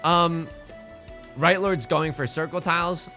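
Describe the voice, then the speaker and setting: A man giving casual live-stream commentary on a game, animated, playful and self-mocking. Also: fairly high pitch, takes it slowly, soft background music.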